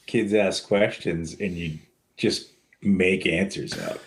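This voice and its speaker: A man's voice: sits low, takes it slowly, slightly rough. A man co-hosting a podcast in casual chat, hesitant and repeating his words.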